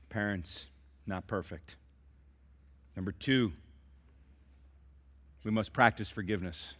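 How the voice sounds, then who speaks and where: A man's voice: lowish voice, slow pace, long pauses, a bit bright, breathy edge. A man preaching a sermon as pastor, telling stories and calling out to his congregation for responses. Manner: storytelling preacher who calls out to the congregation.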